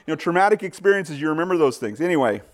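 A pastor in his forties, preaching a conversational sermon with animated storytelling, acting out quoted voices, with frequent self-corrections and asides. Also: fairly high pitch, racing.

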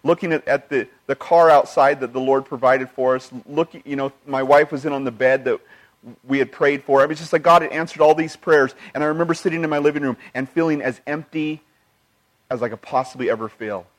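Male pastor, mid-range voice, earnest sermon delivery that moves from emphatic to hushed. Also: mid-range voice, steady tone, a little fast. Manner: quotes scripture and retells personal stories.

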